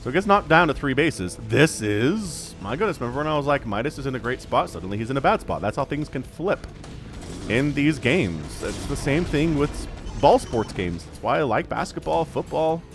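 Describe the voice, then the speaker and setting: Male solo esports caster, chatty and rambling, lively voice with faint music underneath. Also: medium pitch, moderate pace. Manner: chatty, rambling asides, easily excited. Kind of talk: solo game commentary.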